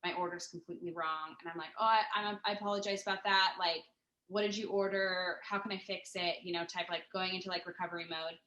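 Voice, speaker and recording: Woman, bright tense voice, rambling and sweary storyteller, room echo on the mic. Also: fairly low pitch, fairly even intonation, fast, muffled recording. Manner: rambling, profane, many fillers and restarts. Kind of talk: casual storytelling chat. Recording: roomy echo.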